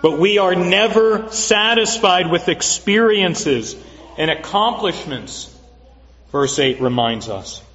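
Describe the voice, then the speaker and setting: Slow, earnest preaching man in echoing hall. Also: high voice, lively intonation, fairly bright tone. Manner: measured, earnest preaching with repetition for emphasis. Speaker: pastor. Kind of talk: sermon. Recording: dull lo-fi recording with long hall reverb.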